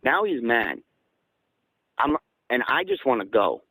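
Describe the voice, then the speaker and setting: Guest storyteller, man from southeastern Massachusetts, mid-pitched, dry close sound, animated. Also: measured pace, slightly rough, no echo, rough recording. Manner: excited, gets louder and higher when quoting. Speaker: guest recounting an encounter. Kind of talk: casual storytelling.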